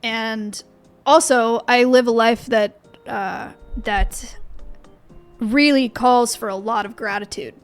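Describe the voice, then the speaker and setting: A young livestreamer chats slowly with her viewers from a home office, pausing often while soft music plays in the background. Her voice sits on the high side, and her rambling talk is full of fillers and restarts.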